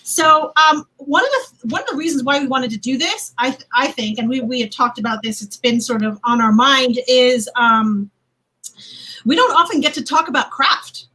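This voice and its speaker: Chatty woman moderator on a video call, high voice, bright sound, laughs a lot. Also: normal speed, rough recording. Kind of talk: casual livestream panel chat.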